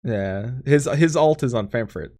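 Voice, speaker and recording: With a medium-pitched, dark-toned voice, this American podcast host takes his time but stays animated. He runs a laid-back gaming show where he jokes around, reads chat out loud and laughs a lot.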